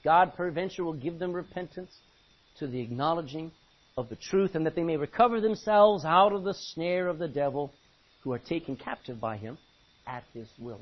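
A man's voice: sits high, husky, highs cut off. A man preaching a sermon in an emphatic way, repeating phrases and calling out for amens.

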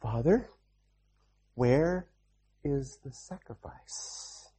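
A man voicing an obedient young son in a Bible story, asking his questions quietly and politely. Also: medium pitch, lively intonation, extremely slow, slightly rough, heavily acted. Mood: curious.

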